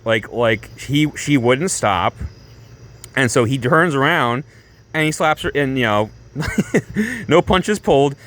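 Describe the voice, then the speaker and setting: A man of medium pitch tells a story to camera in a loose, rambling vlog style. He leans hard on fillers and restarts and stays animated throughout. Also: takes it slowly, pauses often. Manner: animated, breaks into laughs. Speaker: vlogger.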